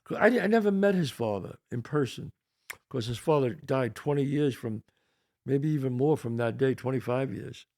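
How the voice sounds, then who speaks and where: An older man with a New York accent, hosting a podcast and telling a long story in a rambling, animated way, swearing now and then. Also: mid-range voice, moderate pace, dry recording, clean studio sound. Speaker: podcast host. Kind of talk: casual storytelling.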